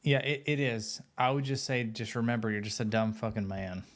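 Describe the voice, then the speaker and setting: A man's voice: mid-range voice, brisk. A man in his thirties, a podcast guest, talking frankly and with self-mocking humor. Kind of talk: casual podcast chat.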